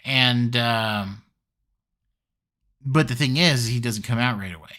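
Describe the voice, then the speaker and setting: A man's voice: medium pitch, takes it slowly, sharp tone. A man giving a casual solo review of a wrestling show, chatty with lots of fillers and easy laughs.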